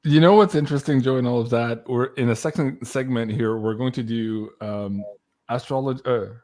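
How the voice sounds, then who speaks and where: A man's voice: medium pitch, moderate pace, a little mellow. Guy hosting a livestream, kicking off the next segment. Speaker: host.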